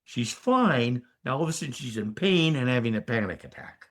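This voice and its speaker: An older man, a physician and energy healer, telling a story as a podcast guest in an animated, emphatic way with asides to the listener. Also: mid-range voice, brisk. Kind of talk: conversational storytelling in an interview.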